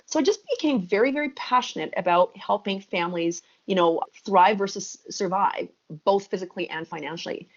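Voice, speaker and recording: Woman, 30s, podcast guest; lively emphatic storyteller, mid pitch, dull lo-fi sound. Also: brisk, few pauses. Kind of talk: podcast interview. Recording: muffled lo-fi audio.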